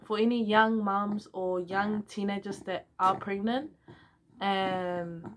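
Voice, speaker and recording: A woman's voice: medium pitch, fairly even intonation, slow, a little hiss or hum. A young woman, a new mother, candidly telling her personal story and acting out both sides of old phone calls. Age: young adult.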